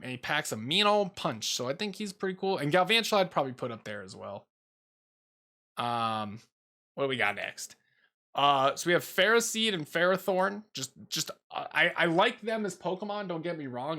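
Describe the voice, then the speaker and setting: A man's voice: mid-range voice, pushed and bright. A young man casually ranking game creatures in a rambling, opinionated way, with lots of fillers. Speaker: YouTube host ranking creatures. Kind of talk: casual tier list commentary.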